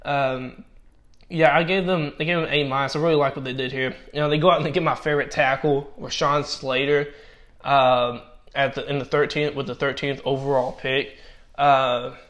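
A man giving casual commentary and grades on football draft picks, talking haltingly with many restarts while he is losing his voice. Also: mid-range voice, fairly even intonation, fairly bright tone.

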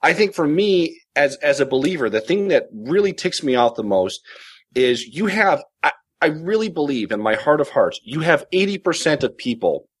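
A man's voice: medium pitch, breathy edge. A man on a podcast panel telling a long, heated story in a casual, ranting way. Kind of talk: casual chat.

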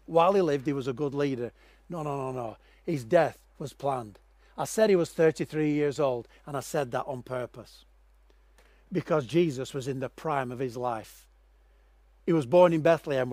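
Dramatic storytelling drives this man's sermon, which moves from hushed, low stretches up to loud, raised passages. The recording carries no room sound.

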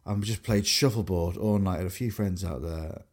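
A young English man, co-hosting a podcast, telling animated stories in casual chat with many restarts. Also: low-pitched, a little fast. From England. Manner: animated storyteller, lots of fillers and restarts. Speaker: podcast co-host.

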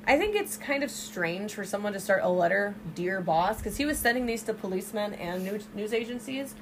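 A woman's voice: mid-range voice, brisk, a little hiss or hum. Chatty young woman telling a true-crime story. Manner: animated storytelling with swearing and asides. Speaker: podcast co-host. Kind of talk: casual true-crime chat.

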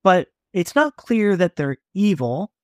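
A man's voice: high-pitched, sing-song, measured pace, a little mellow, dry recording, clean studio sound. A man co-hosting a podcast, talking casually about a novel, rambling with frequent restarts and easy laughter. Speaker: podcast co-host. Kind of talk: casual book discussion.

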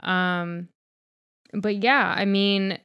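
A woman's voice: mid-range voice, fairly even intonation, drawn-out words, clear, resonant tone, lo-fi sound. A woman co-hosting a podcast in casual chat, talking frankly, rambling with fillers and swearing freely. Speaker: podcast co-host.

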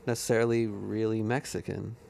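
A man's voice: lowish voice, little pitch movement, brisk, gravelly, darkish tone. A man guesting on a podcast in casual chat, laid-back and hesitant, often trailing off. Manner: laid-back, hesitant, says "I don't know" a lot.

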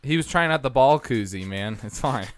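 A young man hosting a casual podcast chat, telling lively stories, swearing freely and acting out what others said. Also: mid-range voice, normal speed, a little hiss or hum. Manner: animated storyteller, swears freely, acts out quotes. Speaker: podcast host.

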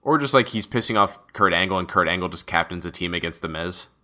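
A man co-hosting a casual chat show, talking in an excitable, rambling way and swearing freely. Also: low voice, fast talker, noisy background. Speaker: podcast co-host. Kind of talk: casual chat about wrestling.

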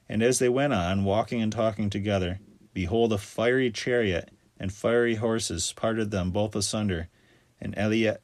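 A man reading scripture aloud in a steady, measured recitation. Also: fairly low pitch, no echo. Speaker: scripture reader.

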